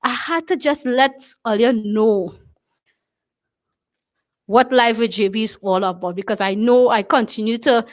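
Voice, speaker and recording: A woman's voice: fairly high pitch, a little slow, long pauses. A Trinidadian woman hosting a talk show, speaking emphatically, repeating her phrases and often asking "you understand?". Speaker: show host.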